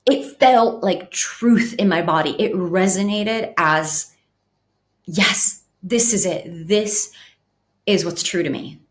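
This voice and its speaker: A woman podcast host telling a personal story in an earnest, animated way, acting out her own inner speech and restarting her sentences. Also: medium pitch.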